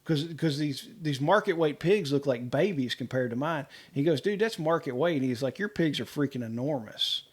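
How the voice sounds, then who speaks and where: A middle-aged man, telling animated stories about his homestead and acting out the people in them. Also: a little high, normal speed, hardly any pauses, breathy edge. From Kentucky, US. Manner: animated, quotes people in dialogue, laughs often. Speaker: homesteader guest. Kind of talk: casual storytelling.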